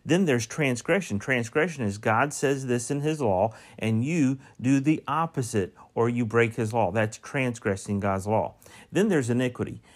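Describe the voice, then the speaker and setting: A man delivering a sermon. He reads the scripture in a measured way, then preaches with rising emphasis. He puts pointed questions straight to the congregation. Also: medium pitch.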